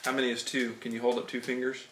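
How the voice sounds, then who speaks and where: A man's voice: mid-range voice, level tone, fast. A man, a father hosting a LEGO build video, chatting upbeat and teasing with his young son at home. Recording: echoey room with background noise.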